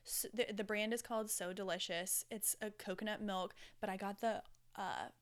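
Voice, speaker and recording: A woman rambles casually through her solo podcast, candid and chatty with the odd swear word. Her voice is smooth and clear, sitting in a middle pitch. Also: fairly even intonation, normal speed. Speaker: podcast host.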